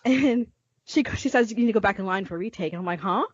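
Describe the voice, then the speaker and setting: A woman with a mid-pitched voice tells a story in an earnest, apologetic way during a podcast chat. Her mic sounds dry and muffled. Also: fast, dry recording. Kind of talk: casual group chat.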